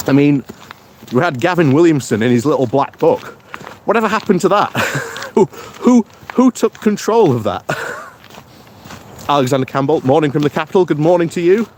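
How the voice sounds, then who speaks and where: A man's voice: fairly high pitch, lively intonation, moderate pace, a little mellow, slight background noise. A man giving casual live-stream commentary outdoors on a morning walk, rambling, chuckling often and greeting viewers by name. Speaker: political vlogger reading live chat.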